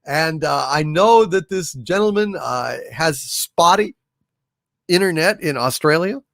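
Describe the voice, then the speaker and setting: Male stream host, animated and joking, gravelly, slightly high. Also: measured pace, no echo, clean studio sound. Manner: animated, reads viewer messages and tells jokes. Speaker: livestream host. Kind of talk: casual live-stream chat.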